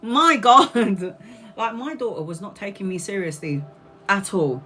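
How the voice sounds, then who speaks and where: A woman giving a live tarot reading in a loose, chatty way, blunt and quick to swear and laugh. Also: mid-range voice, pushed and bright, faint music behind. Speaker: tarot reader. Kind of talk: live-streamed tarot reading, casual chat.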